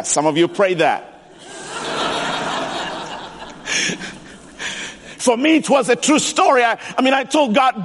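High-voiced man preaching, slow and emphatic. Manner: animated preaching with emphatic repetition. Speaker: pastor. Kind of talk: sermon. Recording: long reverb of a large hall.

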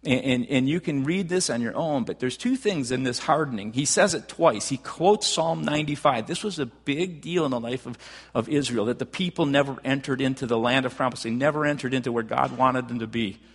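A man preaching a sermon as pastor, talking conversationally with frequent restarts and rising to animated emphasis. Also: mid-range voice, a little fast, slightly rough, big-room sound.

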